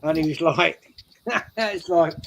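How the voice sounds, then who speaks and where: A man's voice: a little high, takes it slowly, creaky, rough recording. Rambling English man telling stories. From England. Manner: rambling storyteller, repeats himself. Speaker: show regular. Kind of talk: casual chat. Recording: faint background noise.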